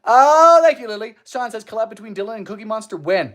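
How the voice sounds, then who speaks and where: Goofy, animated man baking live. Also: high-pitched, fast talker. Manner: goofy, giggly, chatty. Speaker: baking livestream host. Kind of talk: casual livestream chat. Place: home kitchen.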